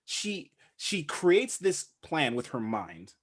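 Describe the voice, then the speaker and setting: Expressive man with a lively voice. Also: a little high, takes it slowly, breathy edge. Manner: expressive, laughs often, playful. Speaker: podcast co-host. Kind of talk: casual recap chat.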